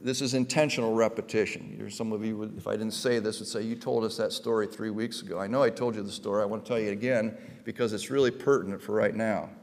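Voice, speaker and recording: A male pastor preaching a sermon. He moves from quiet storytelling to loud, emphatic preaching. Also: fairly low pitch, fairly even intonation, fast, gravelly, big-room sound.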